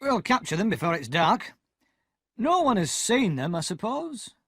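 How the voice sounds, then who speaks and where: A man reading an audiobook, voicing a brisk, commanding army sergeant. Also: high voice, big pitch swings, a bit bright, slightly rough, no room sound, studio quality, voice pushed up, exaggerated voice.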